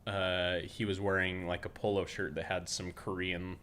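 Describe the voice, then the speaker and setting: A man from Utah hosting a laid-back podcast in a low voice. He wanders through anecdotes, restarting sentences as he goes. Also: flat delivery, normal speed, fairly bright tone. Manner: rambling anecdotal storytelling with many restarts. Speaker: podcast host. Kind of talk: casual podcast chat.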